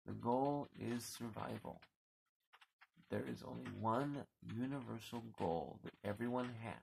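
A man with a gravelly, creaky voice in the middle range tears into an angry, swearing vlog rant. He gets heated and keeps tripping over his words. A faint hiss sits under the recording made on his anchored boat. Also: mid-range voice, rough recording. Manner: heated, swearing, repeating words when worked up. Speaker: vlogger. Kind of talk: angry profane rant to camera.

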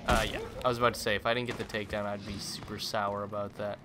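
A young man hosting a let's play, giving playful, joking commentary with sudden loud outbursts as he plays. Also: on the low side, little pitch movement, fast talker, few pauses, slight background noise. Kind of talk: gameplay commentary.

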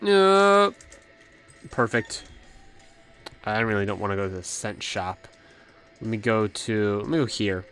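A man's voice: on the low side, fairly bright tone. Chatty young man narrating his gameplay. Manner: chatty, talks to the game's enemies. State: out of breath. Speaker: gaming channel host. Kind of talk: let's play commentary.

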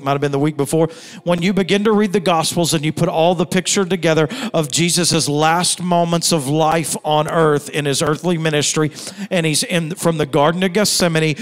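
A man's voice: a little high, smooth, big-room sound. A middle-aged man pastor preaching a sermon, emphatic, with repeated phrases and rhetorical questions. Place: church hall.

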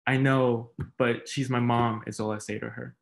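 Young man, poet, Mexican American, flat even delivery, measured, video call reading. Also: medium pitch, gravelly. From Mexican American, raised outside New York. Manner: measured, deliberate delivery with soft fillers between poems. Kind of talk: poetry reading. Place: at home, online reading.

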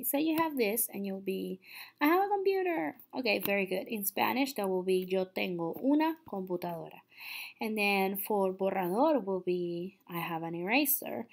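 Speaking at a medium pitch with noticeable vocal fry, a young woman who teaches Spanish walks through a recorded online lesson step by step. She stays patient and keeps asking "okay?" to check in.

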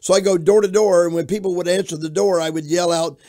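An older pastor from Florida, telling his life story in an interview with an animated storytelling manner. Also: high-pitched, fast talker. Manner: animated storyteller who shouts out quoted lines.

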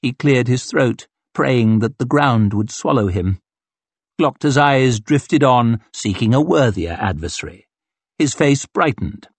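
A man narrating an audiobook in a wry, expressive reading. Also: medium pitch, unhurried, no room sound. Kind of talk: scripted narration.

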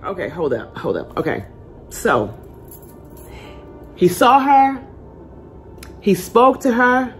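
A woman preaching a motivational sermon with passion, dropping to a hush and then rising to loud calls of amen. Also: medium pitch, wildly swooping pitch, takes it slowly, long pauses, soft background music. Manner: impassioned, swinging from hushed to loud, calls out amen.

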